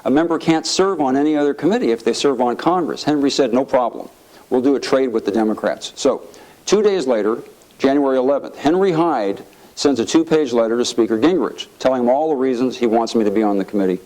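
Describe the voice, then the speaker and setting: Speaking quickly at a medium pitch, this middle-aged ex-congressman is a lively storyteller entertaining a crowd with anecdotes. He acts out quoted lines loudly, and the audio is of low quality.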